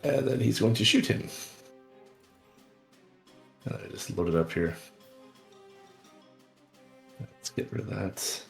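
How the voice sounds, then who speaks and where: A man's voice: fairly low pitch, animated, slow pace, creaky, pauses often, faint music behind. A man playing an online tabletop game, planning his character's moves aloud. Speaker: player.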